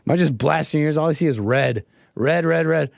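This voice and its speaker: A man's voice: a little high, fairly quick, gravelly, no echo, clean studio sound. A man hosting a solo livestream, talking over a played clip with sarcastic, mocking commentary into a desk mic. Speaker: livestream host. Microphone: desk mic, streaming solo.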